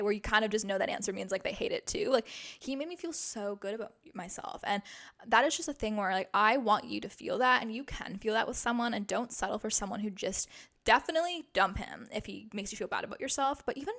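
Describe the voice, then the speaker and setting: Young woman podcaster, slightly high voice, emphatic and chatty advice monologue. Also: lively intonation, fast talker, fairly bright tone. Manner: chatty, emphatic, frequent "like" fillers. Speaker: podcast host.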